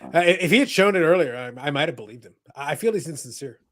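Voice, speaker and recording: A man's voice: on the high side, animated, quick pace. A man co-hosting a podcast in casual chat, teasing his co-hosts with sarcastic banter. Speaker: podcast co-host.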